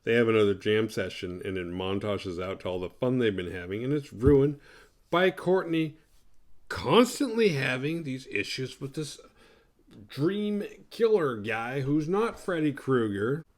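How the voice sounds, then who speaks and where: Man, mid-pitch, hosts a horror review show; loose, profane, sarcastic recap. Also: lively intonation, a little slow. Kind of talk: casual movie recap.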